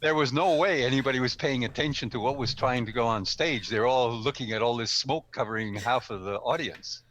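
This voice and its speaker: A man's voice: medium pitch, moderate pace, a bit bright. A conversational man giving speaking advice. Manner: conversational, with frequent ums and self-corrections. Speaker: guest speaker, speaking coach. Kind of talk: casual instructional talk. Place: live stream studio or room.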